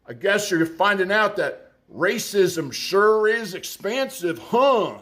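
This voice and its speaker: A man's voice: sits high, animated, takes it slowly, a bit bright. A man giving sarcastic political commentary, profane and mocking.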